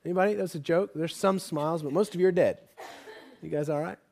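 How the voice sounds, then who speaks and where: A man with a slightly high voice preaches a sermon in a church. He drops to soft, close asides and then climbs into loud, emphatic declarations. He keeps asking the listeners questions. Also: fast, vocal fry. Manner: asks the audience rhetorical questions.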